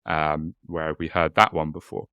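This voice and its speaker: Deep-voiced man hosting a podcast. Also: flat delivery, moderate pace, sharp tone, clear, resonant tone, dry recording, studio quality. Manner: casual, swears, stumbles and repeats words. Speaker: podcast co-host. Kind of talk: casual podcast chat and case narration.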